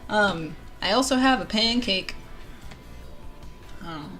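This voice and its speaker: A woman hosting a casual live stream, excitable and bubbly, laughing often and bursting into squeals, on a desk mic with soft music behind her. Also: medium pitch, takes it slowly. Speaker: livestream host. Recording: quiet music under the voice. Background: soft background music.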